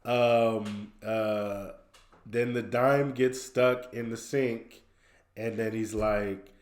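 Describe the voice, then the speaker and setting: A man's voice: on the low side, very slow. Easygoing man recapping cartoons, echoey room. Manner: animated retelling with quoted voices and laughter. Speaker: podcast co-host. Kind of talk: casual podcast recap.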